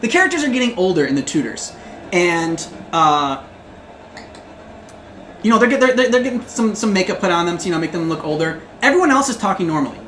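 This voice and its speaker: A man chats loosely on a gaming livestream, his pitch swinging up and down and his stories wandering. He laughs a lot. The room is echoey and there is a faint hiss in the background. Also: sing-song, a little fast, a bit bright. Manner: chatty, rambling, laughs often. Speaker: livestream co-host. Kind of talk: casual gaming livestream chat.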